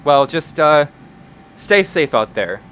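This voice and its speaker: A man's voice: fairly high pitch, big pitch swings, takes it slowly, a bit bright, a little hiss or hum, pitched above the performer's own voice, full character voice. A man voicing a wary farm woman who keeps to herself and speaks in a terse, guarded way.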